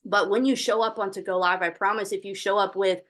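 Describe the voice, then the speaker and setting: A woman's voice: medium pitch, fairly even intonation, a little fast, a bit bright. A young woman hosting a motivational video call, encouraging and full of faith-filled fervor. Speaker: host of an online training call. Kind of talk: motivational pep talk on a call.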